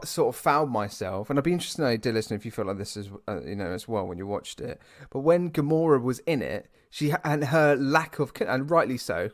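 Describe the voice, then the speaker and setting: Animated British man ranting about a film. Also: mid-range voice. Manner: animated, ranting, with many restarts. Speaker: podcast co-host. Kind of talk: casual film review chat.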